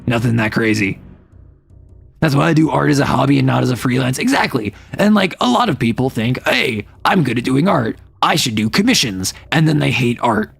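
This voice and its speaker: A young adult non-binary streamer chatting casually and rambling, often sliding between higher and lower voice registers. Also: expressive, a little fast, no echo, soft background music. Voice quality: some gravel in the voice. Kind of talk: casual live-stream chat.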